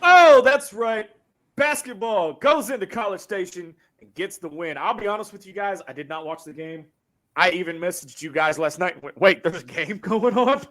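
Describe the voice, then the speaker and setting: A man from Arkansas hosting a sports podcast, talking loud and brash with excitable banter. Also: high voice, moderate pace. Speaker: podcast host.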